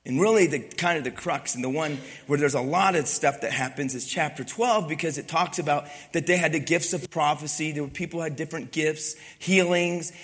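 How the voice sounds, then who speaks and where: Male pastor, slightly high voice, lively sermon delivery, loud peaks and soft asides. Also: a little fast, few pauses. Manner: animated preaching, swings from loud emphasis to quiet asides, joking.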